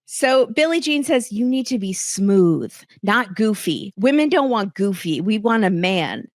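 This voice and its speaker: A woman hosting a casual chat podcast, retelling scenes and acting out the quotes with lively, higher voices. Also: a little slow, no room sound, clean studio sound. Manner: animated, acts out quotes in bright higher voices. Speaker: podcast host.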